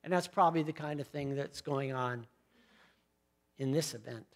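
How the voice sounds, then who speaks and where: A middle-aged pastor preaching a sermon, telling the story in a chatty way with asides to the congregation. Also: male voice, medium pitch, moderate pace.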